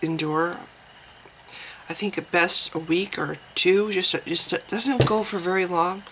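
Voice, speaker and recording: A woman's voice: lowish voice, fairly even intonation, unhurried, background noise. A woman vlogger giving casual spoken commentary, thinking aloud with frequent restarts and hesitations.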